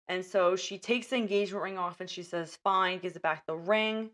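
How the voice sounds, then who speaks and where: A young woman hosting a casual podcast, retelling movie scenes in animated detail and acting out the characters' lines. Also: on the low side, normal speed, hardly any pauses. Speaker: podcast host.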